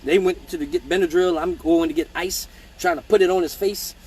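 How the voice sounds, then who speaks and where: A man's voice: high-pitched, fairly even intonation, fairly quick, a little mellow, breathy edge. A man, a male exotic dancer, hosting a live question-and-answer show and telling a rambling, profane story with joking asides to his viewers. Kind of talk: casual storytelling on a livestream.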